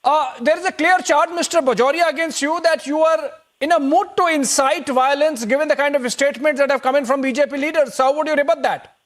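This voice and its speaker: A man anchors a live television debate, his voice sitting unusually high. He presses panelists with questions, often stumbling through hesitant restarts. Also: brisk, a bit bright. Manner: interjecting, repeated hesitations. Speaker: news anchor.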